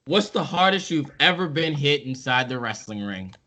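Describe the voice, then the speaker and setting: A man's voice: medium pitch, big pitch swings, normal speed, pushed and bright. A man hosting a podcast who asks his guest questions in an upbeat way. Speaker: podcast host. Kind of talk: casual interview questions.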